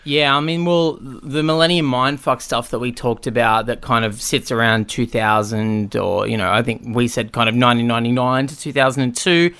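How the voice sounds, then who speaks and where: A man co-hosting a casual movie podcast. His voice sits at an ordinary middle pitch, and he talks in an easygoing, joking way with casual swearing. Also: moderate pace, hardly any pauses, a bit bright, smooth. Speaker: podcast co-host. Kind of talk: casual film chat.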